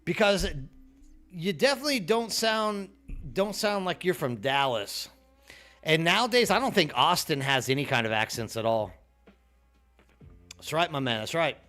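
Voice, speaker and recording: A man's voice: a little high, lively intonation, normal speed, long pauses, pushed and bright, faint music behind. A middle-aged man from Texas, chatting casually with viewers on a game stream, friendly and full of "dude", often repeating words as he goes. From Texas, USA.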